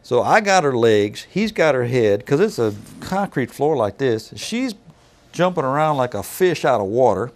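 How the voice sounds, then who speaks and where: A man's voice: medium pitch, very animated, moderate pace. Folksy middle-aged man telling stories. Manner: folksy, acts out dialogue in others' voices. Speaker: weigh station inspector. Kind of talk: casual storytelling.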